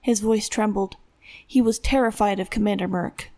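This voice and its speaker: A woman narrating a dramatic thriller audiobook in a steady storytelling voice. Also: medium pitch, moderate pace.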